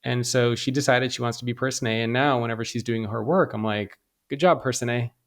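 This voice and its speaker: A man hosting an interview, telling a story in a casual, energetic way with many fillers. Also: mid-range voice. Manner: fast, energetic, full of fillers. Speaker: host.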